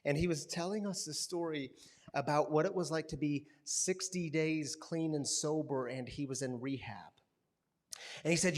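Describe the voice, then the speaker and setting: A man with a slightly high voice and moderate pace pastors a recovery community, telling a story in a sermon before a live audience in a gathering hall. He's an animated storyteller, acting out quotes and making buzzing sounds.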